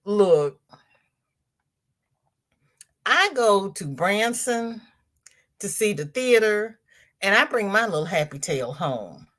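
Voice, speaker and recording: A woman's voice: mid-range voice, sing-song, slow, long pauses, fairly bright tone. A woman hosting a casual crochet livestream, chatting in a rambling way and reading viewer comments aloud. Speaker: crochet channel host reading live chat.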